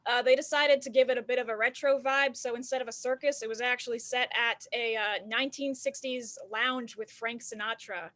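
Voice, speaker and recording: A woman's voice: fairly high pitch, fairly even intonation, a little fast, hardly any pauses, fairly bright tone. A woman hosting an online improv show, setting up scenes in a playful mock-earnest way. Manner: mock-earnest, chatty with fillers.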